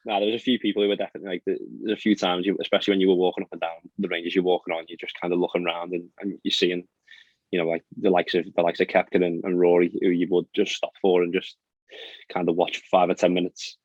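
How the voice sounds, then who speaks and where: On a casual podcast, a young professional golfer with a low, level voice tells story after story at speed, with frequent fillers and laughs. It's a dry, dull, lo-fi recording.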